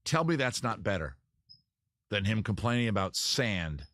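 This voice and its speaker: A man hosting a casual livestream, talking in a rambling, self-interrupting way, swearing and acting out scenes in quick put-on voices. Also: fairly low pitch, very animated, a bit bright. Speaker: livestream host. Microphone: camera mic.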